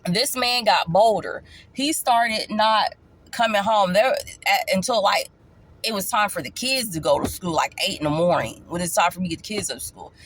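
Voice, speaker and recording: Woman vlogger, casual storytime, emphatic, repeats herself, jumps up in pitch to stress a point. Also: moderate pace, a little hiss or hum. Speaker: vlogger telling her life story.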